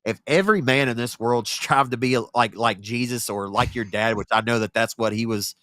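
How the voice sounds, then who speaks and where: A man's voice: mid-range voice, normal speed, a bit bright, no room sound. A man co-hosting a podcast in casual chat, emotional and close to tears, heartfelt and stumbling over his words. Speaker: podcast co-host and race announcer.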